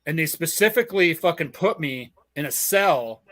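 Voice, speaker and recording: In this casual storytelling chat, a Southern Californian podcast host laughs frequently while spinning long, swear-filled yarns. He speaks at a normal speed with an animated, slightly bright voice on the high side.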